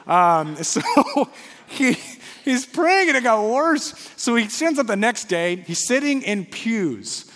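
A man preaching a sermon, telling a story, swinging from loud bursts to quiet asides. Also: on the high side, big-room sound. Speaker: pastor. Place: church.

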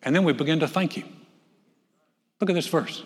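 A man preaching a sermon from the pulpit, animated, swinging from loud calls to hushed telling. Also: on the high side, fairly quick. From North Carolina. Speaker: pastor. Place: church sanctuary. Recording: long church hall reverb.

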